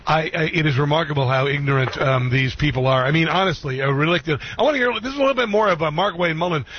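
A man's voice: a little high, lively intonation, fast, a little hiss or hum. A man hosting a political talk radio show, indignant and emphatic, firing off rhetorical questions. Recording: dull lo-fi radio sound, dry.

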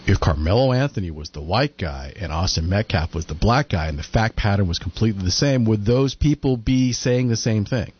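A man's voice: on the low side, animated, brisk, few pauses, husky. A man chatting casually as a podcast co-host, retelling events and acting out quotes in mocking voices. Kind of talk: casual commentary chat. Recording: lo-fi muffled audio.

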